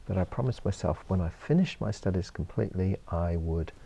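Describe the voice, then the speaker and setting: A middle-aged man from England with a British accent tinged with Australian, chatting as an interview guest in a relaxed, unhurried way. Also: deep voice, gravelly, slightly rough. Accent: British with Australian traces. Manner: relaxed, unhurried storytelling with frequent ums. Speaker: guest, bookshop co-owner. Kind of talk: casual interview chat.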